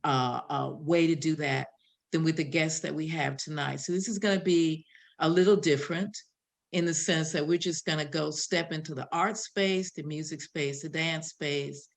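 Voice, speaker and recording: Casting: older woman host, Chicago accent, gravelly, reflective, riffing. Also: deep voice, steady tone, normal speed. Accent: South Side Chicago. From American Midwest. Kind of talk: hosting an online panel.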